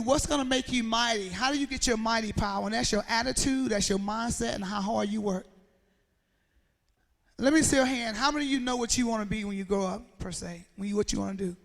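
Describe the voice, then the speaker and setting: A woman's voice: fairly high pitch, creaky. A woman, giving a motivational speech to students and acting out the dialogue in her story. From Mississippi, USA. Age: 40s. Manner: storytelling, acts out dialogue, quizzes the audience. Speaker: motivational speaker. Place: school assembly hall. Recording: echoey hall reverb.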